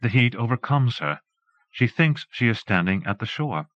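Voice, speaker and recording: A man narrating an audiobook in a measured literary reading, recorded close to the mic and transferred from an old cassette. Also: mid-range voice, animated, a bit bright, dry recording, dull audio.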